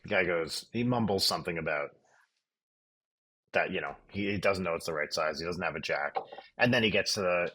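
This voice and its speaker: A man's voice: sits low, a little fast, pushed and bright. A man co-hosting a podcast, telling a road story in a dry, wry, casually profane way. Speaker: podcast co-host.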